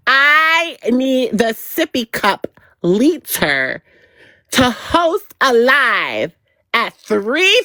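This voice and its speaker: A woman streamer drags out every word at a very slow pace while she runs through gossip on her live. Her low voice swoops widely in pitch, and she leans on teasing, sing-song repetition. The sound is dry and close, with no room sound. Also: a bit bright, no room sound. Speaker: livestream host. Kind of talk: gossip commentary on a livestream.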